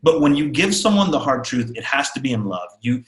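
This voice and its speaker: Animated storytelling man in echoey room. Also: mid-range voice, brisk. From Texas, USA. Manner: animated, acts out quotes of others. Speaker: keynote speaker. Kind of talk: storytelling talk.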